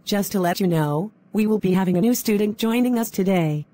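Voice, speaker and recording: A woman's voice: mid-range voice, a little fast, warm tone, lightly acted. A synthetic female voice playing a firm schoolteacher in a cartoon. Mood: stern. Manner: firm, warning tone. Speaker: teacher.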